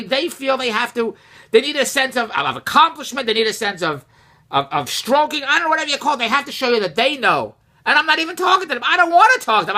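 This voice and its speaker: A man telling a casual personal story, rambling and repeating himself, rising and getting louder when exasperated. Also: high-pitched. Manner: animated, rises and gets louder when exasperated.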